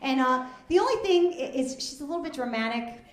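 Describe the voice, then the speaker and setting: A woman, doing a deadpan, conversational stand-up comedy set on stage at a live fundraiser show. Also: high-pitched, fairly quick. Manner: deadpan, conversational, drops into asides. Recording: echoey room with loud audience noise.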